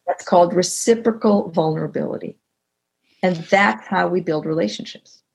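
An older woman with a lowish, creaky voice speaks at a normal pace over a video call. She's a guest author and teacher in a conversational interview, reflecting and sharing anecdotes, growing animated whenever she quotes other people.

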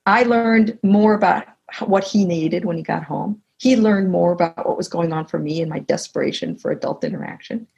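A middle-aged woman being interviewed as a communication expert, explaining with animated stories and acting out bits of dialogue. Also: lowish voice, fairly quick, vocal fry, hardly any pauses, breathy edge, highs cut off. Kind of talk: conversational interview.

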